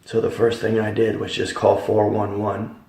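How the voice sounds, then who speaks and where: A man's voice: fairly low pitch, monotone, moderate pace, creaky, mellow. A man giving a religious testimony, telling his story in an emphatic, repetitive, dramatic way. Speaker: testimony speaker. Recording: echoey room, voice from far off.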